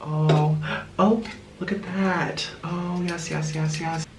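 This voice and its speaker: A man vlogging as he eats, telling a story in an animated way and gasping and murmuring between bites. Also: a little high, slow pace, reverberant, noisy background. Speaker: mukbang vlogger. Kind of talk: storytelling while eating on camera.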